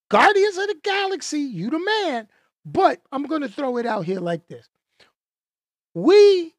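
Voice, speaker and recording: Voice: high voice, dry recording, studio quality. A movie reviewer talking casually and emphatically, tossing out rhetorical questions and repeating points for effect.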